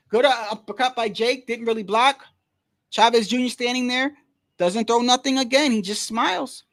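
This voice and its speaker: Male streamer, high-pitched, slangy and blunt, casual live fight commentary, dry close mic. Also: moderate pace, fairly bright tone, dry recording. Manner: slangy, says "bro" constantly, blunt and opinionated.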